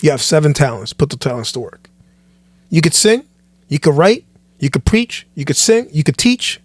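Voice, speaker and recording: Animated preachy man, dry close mic. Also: a little high, normal speed, no echo. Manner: animated, preachy, repeats and restarts phrases. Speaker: pastor, podcast guest. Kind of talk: casual podcast chat.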